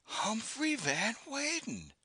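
Guy doing an earnest young lady poet, bright sharp tone, all over the place in pitch. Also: huge pitch swings, slow, slightly rough, dry recording, exaggerated voice. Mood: wondering.

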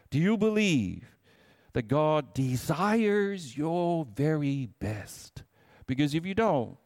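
Pastor preaching, earnest and emphatic, somewhat high voice, dry recording. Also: male voice, a little mellow, dry recording. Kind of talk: sermon.

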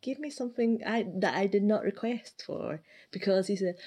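Woman venting about her game clan, rambly, lots of "you know", mellow tone. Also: mid-range voice, normal speed. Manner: rambling, exasperated, many fillers. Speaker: clan leader. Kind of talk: casual gaming chat.

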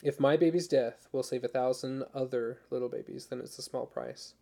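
A man voicing an exhausted young pregnant woman who speaks softly but firmly. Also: medium pitch, normal speed, gravelly. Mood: quietly determined. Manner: soft, steady, firm.

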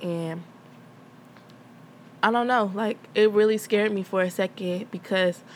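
A woman's voice: medium pitch, fairly even intonation, measured pace, slight background noise. A young adult woman hosting a podcast from home, talking candidly and rambling with many fillers. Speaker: podcast host. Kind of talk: casual personal talk.

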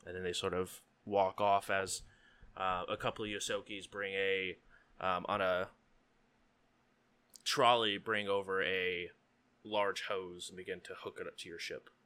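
A man narrating a tabletop game as game master, relaxed and full of ums and likes. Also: low voice, measured pace, clear, resonant tone.

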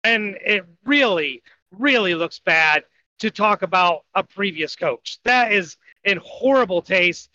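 A man's voice: high voice, lively intonation, unhurried, sharp tone, muffled recording. A man co-hosting a sports podcast, opinionated and asking exasperated questions. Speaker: podcast co-host. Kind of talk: casual sports chat.

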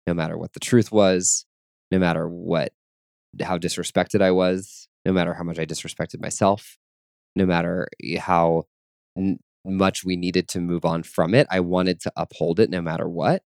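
A man talking openly about his feelings in a relaxed chat, earnest and searching, with many fillers and restarts. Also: deep voice, normal speed, creaky, no room sound, clean studio sound. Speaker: guest. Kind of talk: reflective personal chat.

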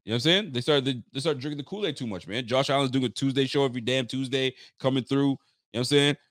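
A young man hosts a live fan podcast and vents about a loss in a blunt, profane and exasperated way. His voice sits at an ordinary middle pitch and is recorded close on the mic with a dry, dead sound. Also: fast, a bit bright, no room sound. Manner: frustrated, blunt, swears freely, reads viewer comments. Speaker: podcast host.

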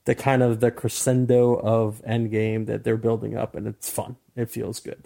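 A man's voice: lowish voice, completely flat delivery, normal speed, creaky, warm tone. A man co-hosting a podcast in casual chat, dry and teasing. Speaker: podcast co-host.

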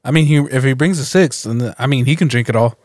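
A man's voice: mid-range voice, fast talker, darkish tone, no echo, clean studio sound. A man co-hosting a podcast, chatting in a laid-back way and cutting in with jokes. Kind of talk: casual podcast chat.

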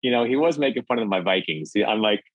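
A middle-aged man from Minnesota, a comedic actor and filmmaker, telling an animated anecdote and acting out the voices. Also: fairly low pitch, fast talker, rough recording. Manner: acts out voices in his anecdotes, excitable. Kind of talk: animated storytelling. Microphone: video call.

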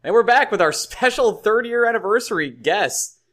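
A man's voice: high-pitched, expressive, normal speed, a bit bright. A man hosting a sports podcast in easygoing, casual chat, laughing often. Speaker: podcast host.

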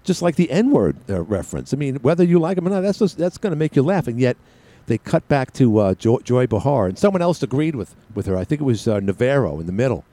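A man's voice: mid-range voice, sing-song, fast, warm tone, no echo. Rambling man hosting talk radio. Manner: rambling, with frequent restarts and asides. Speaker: radio talk show host. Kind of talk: solo talk radio monologue. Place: radio station studio. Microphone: studio mic with headset.

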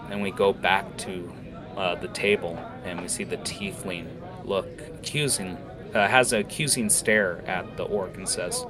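A man narrating a fantasy tavern scene in a relaxed way, with fillers. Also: low-pitched, unhurried, crowd noise. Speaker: storyteller.

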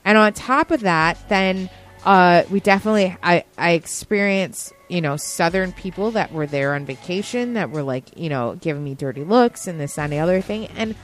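A woman comedian in casual panel talk, animated and full of quick restarts. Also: fairly low pitch, faint music behind.

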